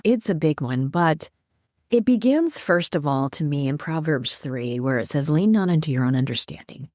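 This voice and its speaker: A woman guest who is a life coach and minister, talking earnestly about faith and quoting scripture in an animated, preacherly way. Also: low voice, moderate pace, dry recording, studio quality. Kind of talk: earnest faith-based teaching in conversation.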